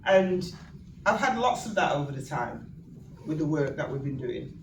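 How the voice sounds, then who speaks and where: A woman, giving an animated, humorous storytelling speech to an audience. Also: low-pitched, normal speed. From northern England. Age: 60s. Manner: animated, humorous, acts out quoted voices. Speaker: guest speaker. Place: event venue room. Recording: echoey room, distant mic, audience noise.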